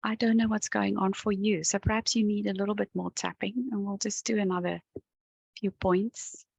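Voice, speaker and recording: An EFT tapping coach with a mid-range, gravelly, slightly husky voice leads a guided session to camera, gently and calmly walking the viewer through each step at an unhurried pace. Her close mic sounds dry with no room echo, and she pauses now and then to yawn or sigh as she relaxes.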